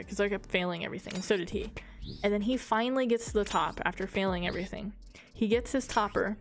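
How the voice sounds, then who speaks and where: A woman streamer casually telling a funny gaming story, giggling often, swearing, and quoting a friend's lines. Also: medium pitch. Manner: giggly, swearing, animated retelling with quoted dialogue.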